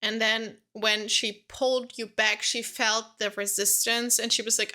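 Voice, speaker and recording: A woman co-hosting a casual podcast, excitedly telling stories about playing a game and laughing often. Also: a little high, normal speed, hardly any pauses. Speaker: podcast co-host.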